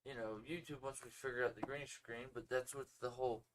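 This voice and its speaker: A laid-back man co-hosting a home livestream, his voice in a middle register. He talks easygoing and unhurried and shrugs off problems. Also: mid-range voice, fairly even intonation, noisy background. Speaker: podcast co-host. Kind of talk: casual livestream chat. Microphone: phone or home streaming setup.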